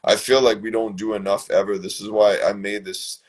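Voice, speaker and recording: A man's voice: lowish voice, brisk, breathy edge. A man hosting a casual talk show from his own room, telling a rambling story with plenty of swearing. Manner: rambling, profane, animated storytelling. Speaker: show host.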